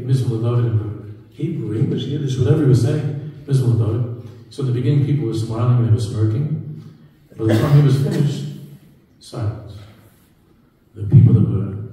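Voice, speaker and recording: A man's voice: mid-range voice, mellow. A man preaching a sermon as a rabbi, telling a story with repetitions and Hebrew phrases. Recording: echoey hall, far from mic.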